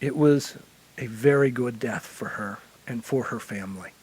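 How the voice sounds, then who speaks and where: A man from Illinois who works as a hospital chaplain, telling lively stories to a forum audience. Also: mid-range voice, normal speed, husky, poor audio. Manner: animated anecdotal storytelling. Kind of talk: conference panel storytelling.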